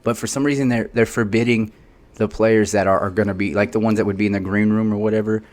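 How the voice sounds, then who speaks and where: A man's voice: on the low side, steady tone, fast talker. A man co-hosting a casual podcast, rambling and joking through sports banter. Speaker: podcast co-host. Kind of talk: casual chat.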